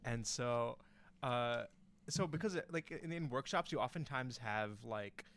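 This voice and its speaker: Young man, casual podcast chat, rambling storyteller, lots of restarts, mid pitch. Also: a little slow, fairly bright tone. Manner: rambling, many restarts and fillers.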